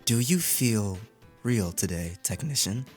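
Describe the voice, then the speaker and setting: A man's voice: fairly low pitch, animated, unhurried, faint music behind. A man reading the lines of a flirtatious male robot AI in a visual novel game, speaking in a sultry, insinuating way. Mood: teasing, insinuating.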